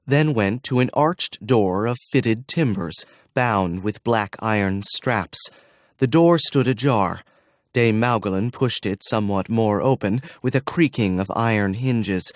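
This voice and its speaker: A man's voice: fairly low pitch, no echo. Man narrating a fantasy audiobook, dry.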